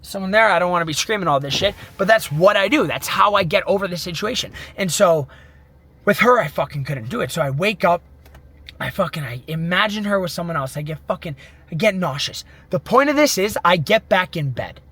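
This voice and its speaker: A man's voice: high voice, animated, fairly quick, a bit bright, husky. A young man in his twenties, a mindset coach, giving an intense, profane motivational monologue full of self pep talk.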